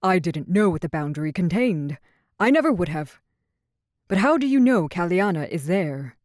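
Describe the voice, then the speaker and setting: A woman's voice: lowish voice, big pitch swings, normal speed, a little mellow, dry recording, clean studio sound. A woman voicing a desperate older king. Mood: anguished. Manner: pleading, raises voice in distress. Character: anguished older male king, desperate father.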